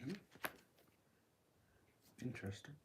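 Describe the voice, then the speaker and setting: A man's voice: slow, background noise. Man musing aloud over tarot cards. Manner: musing aloud while drawing cards, frequent throat-clearing. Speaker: tarot reader. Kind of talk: live-stream tarot reading.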